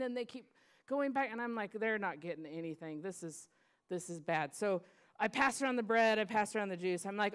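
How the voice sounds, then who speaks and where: A middle-aged woman pastor telling a lively story in a sermon, acting out children's voices and laughing often. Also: medium pitch, a little fast, clear, resonant tone.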